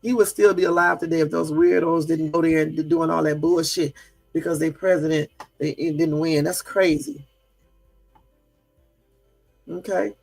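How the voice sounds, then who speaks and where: Hosting a casual livestream, a man with a slightly high, gravelly, somewhat mellow voice speaks at a moderate pace with fairly even intonation and long pauses. He rambles indignantly with many fillers, chatting with and answering his viewers, as soft music plays in the background.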